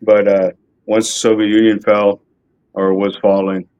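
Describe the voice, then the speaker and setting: A man's voice: fairly low pitch, level tone, measured pace, darkish tone, clear, resonant tone, low-quality recording. A man chatting casually on a podcast, offhand and blunt, with a bit of swearing and hunting for words. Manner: offhand, swears, loses his train of thought. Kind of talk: casual chat.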